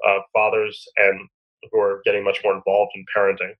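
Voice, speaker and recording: A man guesting on a podcast, his voice husky and nasal from a cold and sitting a bit low. He explains ideas in a thoughtful, easygoing way, with homely analogies. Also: completely flat delivery, brisk, phone-quality sound. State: has a cold. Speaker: podcast guest, productivity coach. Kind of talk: casual interview talk.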